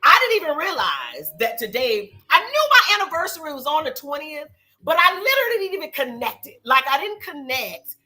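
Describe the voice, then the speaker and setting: Lively, bright-voiced woman hosting a live show. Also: high voice, a little fast, faint music behind. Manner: chatty, sassy and animated, thanking sponsors. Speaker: show host. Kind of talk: casual live recap show.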